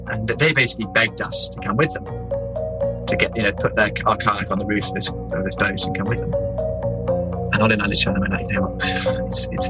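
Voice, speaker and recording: A young English explorer recounts his story in a loose, animated way, laughing between lines. His voice sits fairly low, and clear music plays underneath him. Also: rough recording. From England. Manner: animated, laughing, doing quick impressions of people. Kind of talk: casual storytelling.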